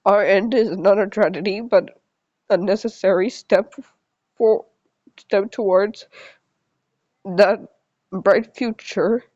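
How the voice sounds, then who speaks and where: A woman voicing a gentle, serene dying male clan leader in a calm, measured read. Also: medium pitch, no room sound. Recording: slightly dull lo-fi recording.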